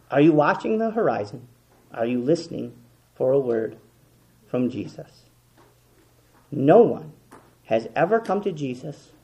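A man preaching a sermon with passion, swinging between loud, emphatic repetition and hushed, quiet lines. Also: on the high side.

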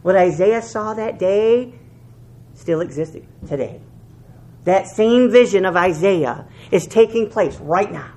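A man preaching a sermon as pastor, moving from quiet prayer to fervent, emphatic preaching, often repeating phrases for weight. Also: animated, takes it slowly. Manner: fervent preaching, swings between loud peaks and hushed lows.

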